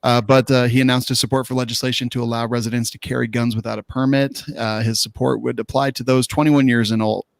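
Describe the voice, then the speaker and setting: Male podcast host, rapid, gravelly, casual news reader, dry close mic. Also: medium pitch, flat delivery, no room sound. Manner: quick, loose delivery with fillers.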